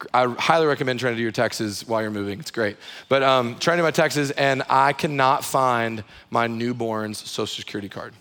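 A man's voice: mid-range voice, a bit bright. A man in his thirties, a pastor preaching in a church, talking conversationally with repeated phrases and wry humorous asides. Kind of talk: sermon.

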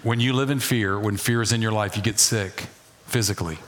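A middle-aged man preaching a sermon as pastor, folksy and animated, with playful asides and humor. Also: fairly low pitch, a little fast, slight background noise.

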